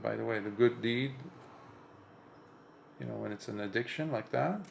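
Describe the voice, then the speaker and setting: A man with a gravelly, creaky edge to an otherwise mid-pitched voice gives an impromptu dharma talk as a Buddhist monk. He speaks earnestly and with emphasis, climbing higher when he presses a point and often restarting mid-sentence. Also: moderate pace, a little hiss or hum.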